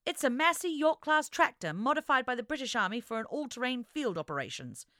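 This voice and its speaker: A woman's voice: high-pitched, big pitch swings, sharp tone, dry recording, clean studio sound, voice pushed up, exaggerated voice. Woman voicing an eager young mechanic lad. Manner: enthusiastic, rapid rambling. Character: eager young male mechanic, cheerful and tactless.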